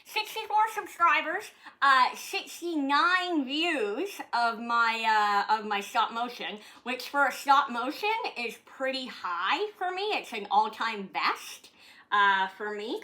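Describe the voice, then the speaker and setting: A woman's voice: high-pitched, animated, a little slow, pushed and bright. A woman from Canada chatting casually in her vlog, talking to her dog and swearing freely. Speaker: vlogger. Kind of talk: casual chat.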